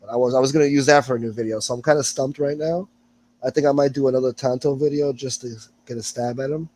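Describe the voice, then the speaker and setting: A man's voice: mid-range voice, fairly even intonation, quick pace, darkish tone. A man chatting as a guest about his videos, easygoing and profane. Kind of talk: casual chat.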